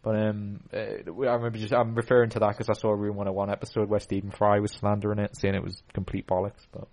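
A man's voice: on the low side, completely flat delivery, quick pace, a little mellow. Rambling man hosting a podcast. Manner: rambling storytelling with many fillers. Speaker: podcast host. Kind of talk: casual podcast chat.

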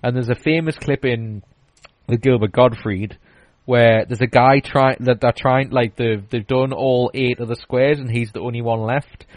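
A man's voice: mid-range voice, no room sound, low-quality recording. Rambling man in casual chat. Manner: rambling, many restarts and fillers. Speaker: podcast host.

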